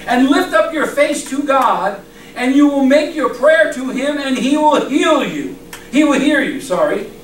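A man's voice: very high-pitched, expressive, a little slow, a little hiss or hum. A man preaching a sermon with fervent conviction, often breaking into laughter between phrases. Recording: echoey room, mic far off.

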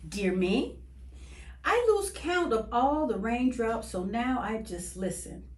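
Woman, children's story reader, slow and lilting, echoey room. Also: on the high side. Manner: expressive, sing-song storybook reading. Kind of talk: reading a picture book aloud to children.

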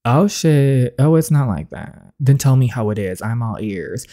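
Woman reading a story game aloud, mellow. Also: animated, unhurried, hardly any pauses. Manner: reads all characters in her own voice, jumping up high and loud when reacting.

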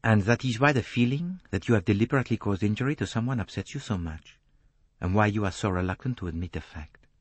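A man reading an audiobook voices a fastidious middle-aged Belgian detective, precise and courteously relentless. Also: on the low side, husky, no room sound. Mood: gentle.

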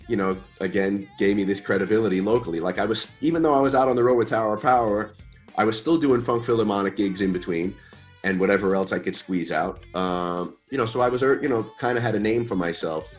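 A man's voice: on the low side, a little fast, faint music behind. Laid-back, chatty man in his fifties. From New York. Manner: relaxed, chatty, uses slang and mild swearing. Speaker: guest musician. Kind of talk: casual storytelling interview.

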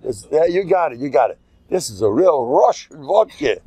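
A man's voice: fairly high pitch, very animated, normal speed, mellow, breathy edge, no echo, low-quality recording. An older man, a rabbi from the USA, giving an informal, joking Torah class sprinkled with Yiddish and Hebrew terms.

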